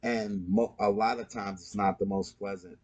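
A man's voice: on the low side, steady tone, normal speed, darkish tone. A man co-hosting a podcast, telling a laid-back story in casual chat and swearing freely. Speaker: podcast co-host.

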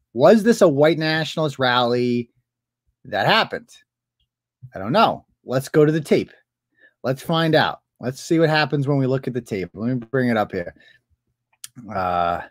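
Man hosting stream, sarcastic, mocking, animated pitch, dry close sound. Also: no room sound. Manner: sarcastic, mocking, laughing often. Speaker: show host. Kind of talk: casual commentary over clips. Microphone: computer mic.

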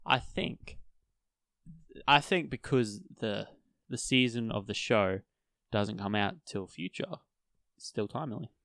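A man's voice: fairly low pitch, a little slow, long pauses, fairly bright tone, dry recording, clean studio sound. A young man co-hosting a casual podcast, goofy and playfully clueless, cracking jokes. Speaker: podcast co-host.

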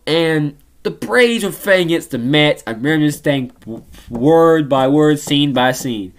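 A woman co-hosting a podcast, telling family stories in casual chat, animated and profane. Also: low-pitched, a little slow. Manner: animated, profane, laughs often. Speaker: podcast co-host.

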